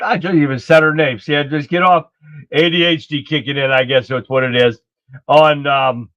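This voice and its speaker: Casual male streamer, high-ish voice, blunt and indignant, rambles and swears, muffled audio. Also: fairly bright tone, dry recording. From United States. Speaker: political livestream host. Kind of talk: casual political commentary.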